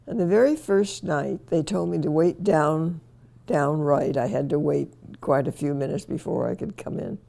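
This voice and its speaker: A woman's voice: sits low, normal speed, gravelly, dark tone. An older woman reminiscing in a casual interview, telling wry anecdotes and chuckling at herself.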